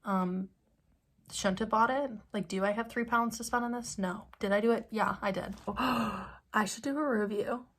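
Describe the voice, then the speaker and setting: A woman's voice: mid-range voice, fairly even intonation, moderate pace, fairly bright tone. A young woman, a student, chatting casually into her phone camera in a rambling way with lots of "like". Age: young adult. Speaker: study-abroad student vlogger. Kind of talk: casual vlog chat.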